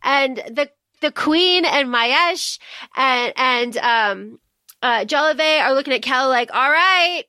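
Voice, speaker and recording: A woman's voice: sits high, takes it slowly, sharp tone, dry recording. A woman co-hosting a podcast, chatting casually and frankly about a book, swearing freely and acting out lines. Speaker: podcast co-host. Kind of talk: casual book discussion chat.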